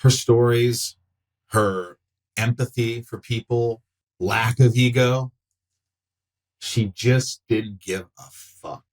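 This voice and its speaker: A man's voice: mid-range voice, takes it slowly, long pauses, low-quality recording. A middle-aged man, an actor, talking casually on a podcast, telling stories and acting out other people's lines in put-on voices and swearing freely. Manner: animated, acts out quotes in voices, swears freely. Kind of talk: casual conversation, storytelling.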